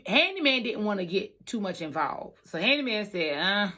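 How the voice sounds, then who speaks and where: A woman trucker telling a story in a casual vlog, animated and emphatic, repeating lines for effect. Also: medium pitch, normal speed. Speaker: trucker and trucking school staff.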